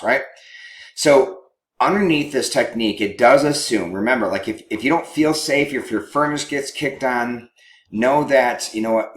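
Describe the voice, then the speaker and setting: A man teaching as a marriage counselor, animated and chuckling, often acting out quoted lines. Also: medium pitch. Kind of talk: teaching talk to couples. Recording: roomy echo.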